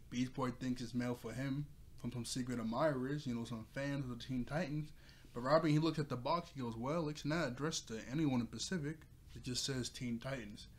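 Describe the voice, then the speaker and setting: A man's voice: mid-range voice, slight background noise. A young man hosting his own cartoon episode review, retelling the plot casually with frequent laughs and filler. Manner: rambling, laughs often, loose filler-heavy retelling. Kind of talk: casual recap talk.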